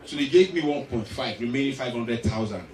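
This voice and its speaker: A man performing stand-up, his pitch swinging lively through an animated story. The sound is roomy and picked up from a distance, with a large audience around him. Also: fairly quick. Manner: animated storytelling with acted voices. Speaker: stand-up comedian. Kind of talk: stand-up comedy. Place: live comedy stage. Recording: echoey live hall, mic from afar, crowd.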